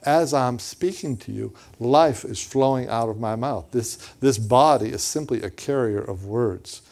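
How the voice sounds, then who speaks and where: A man preaching and telling a personal story in a lively way, often repeating words and acting out what others said. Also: medium pitch, a little slow. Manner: animated, repeats words, acts out quotes. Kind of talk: storytelling sermon.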